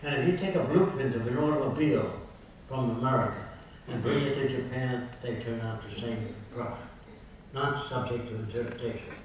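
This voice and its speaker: A man's voice: medium pitch, fairly quick, a little hiss or hum. Older man lecturing in an echoey hall. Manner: emphatic, declarative lecturing with lists. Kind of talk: public lecture. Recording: very echoey hall, recorded from far off.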